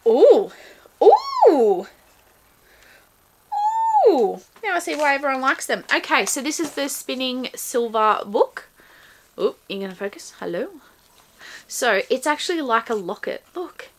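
A woman reviewing a subscription book box, excitedly unboxing and gushing over each item in casual chat. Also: on the high side, slight background noise.

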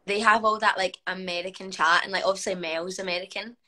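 A woman in her twenties with a Scottish accent, a footballer chatting casually on a livestream, animated and full of "like". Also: medium pitch, brisk, poor audio. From Scotland. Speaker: guest footballer.

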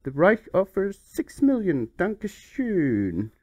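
A man's voice: sits high, huge pitch swings, slow pace, warm tone, highs cut off, voice pushed up, full character voice. A man voicing a pompous male German club official with a put-on German accent, stiff and formal.

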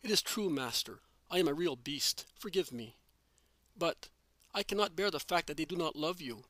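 An impulsive, fiery fisherman apostle who speaks bluntly, read by a man. The voice is bright and forceful, pitched a little high. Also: animated, normal speed, no echo. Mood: earnest.

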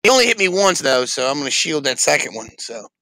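Male player, bright tone and lively pitch, confident and boastful, dry sound. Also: fast, dry recording. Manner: confident, boasting about his character's defenses. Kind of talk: playing a tabletop game.

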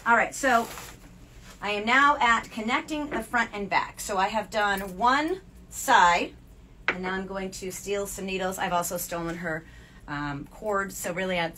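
A middle-aged woman with a Southern American accent, co-hosting a casual knitting podcast and telling stories with animated, bubbly energy. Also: medium pitch, normal speed. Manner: bubbly, animated storyteller with laughs. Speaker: podcast co-host, Spanish professor. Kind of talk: casual chat while knitting. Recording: faint background noise.

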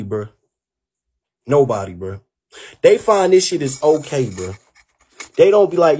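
A young man telling a heated, profane story on his livestream, animated and worked up. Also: a little high, a little slow, pauses often, breathy edge. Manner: profane, animated, keeps saying "bro".

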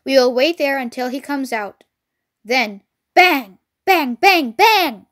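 A woman putting on a sly, scheming storybook farmer who talks down to his partners. The voice sits high but sneers with smug confidence. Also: measured pace. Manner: sly and condescending. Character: crafty, scrawny, scheming male farmer.

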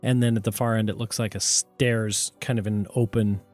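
A man's voice: on the low side, a little fast, soft background music. Easygoing man running a tabletop game. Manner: relaxed, conversational narration with fillers. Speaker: game master.

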